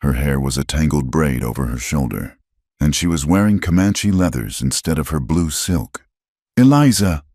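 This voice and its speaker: A man narrating a western romance story in a measured, dramatic storytelling style. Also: very deep voice, darkish tone, no echo, clean studio sound. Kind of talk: scripted narration.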